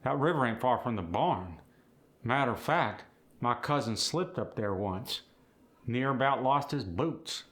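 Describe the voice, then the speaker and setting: A man voicing an easygoing rural Tennessee man who tells stories slowly, with an Appalachian accent. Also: mid-range voice, animated, a bit bright. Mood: relaxed drawl. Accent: Appalachian (East Tennessee). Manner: slow, drawn-out porch storytelling.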